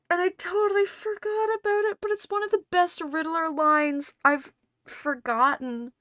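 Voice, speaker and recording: A woman hosting a livestream in casual chat, rambling and excitable, and swearing often. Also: very high-pitched, dry recording, studio quality. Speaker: livestream host. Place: home streaming setup.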